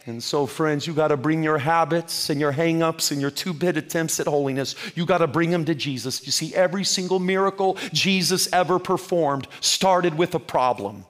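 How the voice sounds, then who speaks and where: High-voiced fervent male preacher. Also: moderate pace, hardly any pauses, a bit bright. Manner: fervent, rhythmic preaching that addresses listeners as friends. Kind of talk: sermon.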